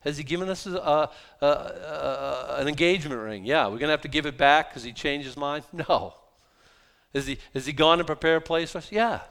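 In a somewhat high voice with vocal fry, a middle-aged pastor preaches animatedly and conversationally. He slowly reads Bible passages, rephrases them casually, and occasionally bursts out loudly.

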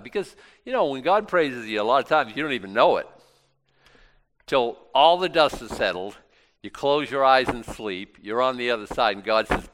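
A man's voice: medium pitch, expressive, moderate pace, fairly bright tone. A man preaching a sermon, reading scripture and talking it through in an emphatic, conversational way with frequent restarts.

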